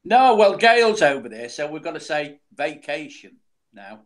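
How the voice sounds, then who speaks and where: A man chatting casually in a group, gossipy and lively. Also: a little high, a little slow.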